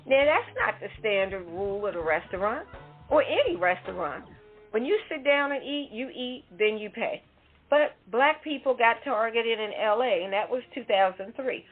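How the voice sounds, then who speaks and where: A woman's voice: a little high, breathy edge. A woman co-hosting a talk show, giving an emphatic, indignant commentary. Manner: emphatic, indignant, conversational with asides. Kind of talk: opinion commentary segment. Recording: tinny phone-line audio.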